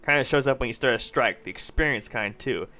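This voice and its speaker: Man voicing an aggressive male labor tough: loud, snarling, forceful, fast. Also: medium pitch, close to an everyday voice. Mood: menacing. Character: hostile burly male union tough, menacing.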